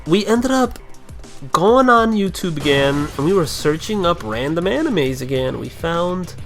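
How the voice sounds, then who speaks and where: Young man, somewhat high voice, casual gameplay commentary, rambling, profane, kung-fu yells, faint game music. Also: expressive, a little slow.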